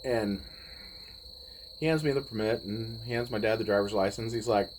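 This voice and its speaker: A man in his forties, telling a personal story in a laid-back, rambling way with pauses. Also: on the low side, slight background noise, rough recording. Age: 40s. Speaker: vlogger. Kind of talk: casual storytelling.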